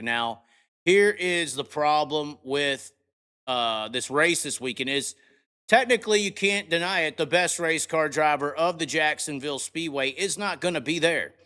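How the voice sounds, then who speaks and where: A brash man hosts a live talk show, firing off profane, excitable commentary. His voice is bright and forceful and sits a little high for a man. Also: clear, resonant tone. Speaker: podcast host.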